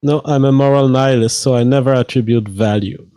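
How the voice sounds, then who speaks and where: A man speaking as a guest on a live stream, calm and plain-spoken, with non-native English phrasing. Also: mid-range voice, fairly quick, no echo. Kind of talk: casual live-stream chat.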